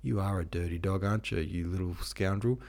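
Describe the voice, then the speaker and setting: A bawdy, mocking viscount from a storybook, as a narrator puts him on. Low-voiced, he leers and sneers. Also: fairly quick, gravelly, darkish tone. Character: gossipy cynical male viscount.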